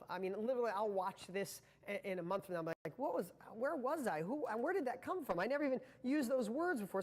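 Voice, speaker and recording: Passionate man in a reverberant hall. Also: high-pitched. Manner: passionate, rambling, with frequent restarts. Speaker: motivational speaker. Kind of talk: live motivational training talk.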